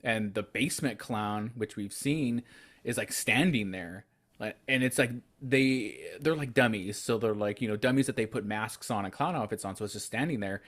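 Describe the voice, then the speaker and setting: A man co-hosting a horror movie podcast, retelling scenes in a loose, animated way and acting out characters' lines. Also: fairly low pitch, normal speed. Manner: animated storyteller, acts out lines. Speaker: podcast co-host. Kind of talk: casual movie review chat, retelling scenes.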